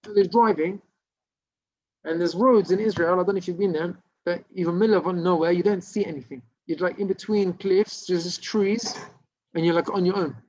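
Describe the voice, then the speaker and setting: A man's voice: sits high, steady tone, moderate pace, darkish tone. A man, a rabbi, telling a story in an informal Torah class, with many restarts and Hebrew terms. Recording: dull lo-fi recording.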